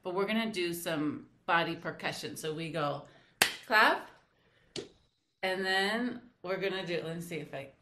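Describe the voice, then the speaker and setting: Woman with a low voice teaching dance. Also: normal speed, few pauses, background noise. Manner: counts rhythms aloud in syllables. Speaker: flamenco dance instructor. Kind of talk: teaching a dance move in a casual interview. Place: home, cat on her lap.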